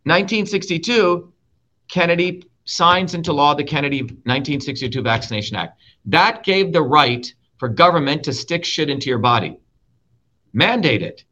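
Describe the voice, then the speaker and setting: Man from india going off, swearing a lot, repeating himself for emphasis, sharp bright voice, kinda muffled audio. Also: fairly high pitch, expressive, normal speed. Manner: profane, emphatic, repeats key words. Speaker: show host and guest speaker. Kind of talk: heated political rant. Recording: dull, slightly lo-fi audio.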